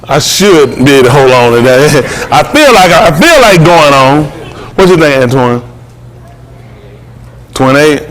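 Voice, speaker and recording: An older man filming at a wedding with a handheld phone, teasing the guests and chatting with them in playful, casual banter. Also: mid-range voice. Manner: playful, teasing, Southern Black vernacular speech. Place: wedding venue, indoors among guests.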